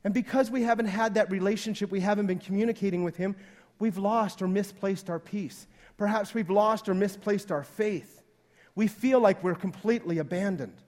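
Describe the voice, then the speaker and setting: A man's voice: high voice, moderate pace, darkish tone. A male pastor preaching a sermon in a conversational way, acting out the voices he quotes.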